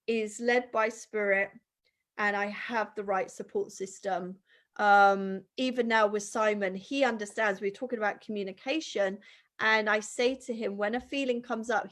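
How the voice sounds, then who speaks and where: A woman chatting as a guest, animated and acting out the voices of people she quotes. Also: on the high side. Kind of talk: casual conversation.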